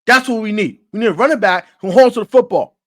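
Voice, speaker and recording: A man's voice: high voice, quick pace. Emphatic man ranting about football. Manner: emphatic, repetitive, gets louder as he goes; casual slang. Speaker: sports commentator. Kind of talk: casual sports rant.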